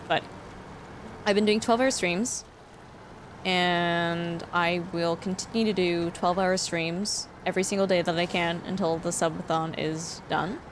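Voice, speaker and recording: A woman's voice: fairly low pitch, background noise. A young adult woman streaming live, chatting with her viewers, emotional and close to tears, laughing often. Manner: emotional, gushing, laughs a lot, near tears. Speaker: livestreamer. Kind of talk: casual livestream chat reading to viewers.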